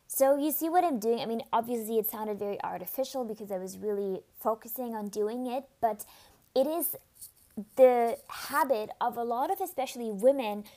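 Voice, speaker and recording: A woman's voice: on the high side, moderate pace, mellow. A woman hosting a podcast, giving an analytical solo talk on how people speak in public. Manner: analytical, demonstrating speech habits. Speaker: podcast host.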